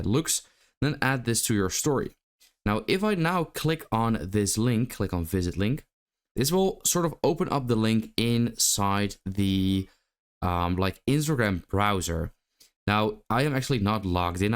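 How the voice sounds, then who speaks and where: A man hosting a casual tutorial, walking through app steps in a chatty way with lots of fillers. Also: on the low side. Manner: chatty, step-by-step, frequent fillers. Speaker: tutorial host. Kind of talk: casual screen-recording tutorial.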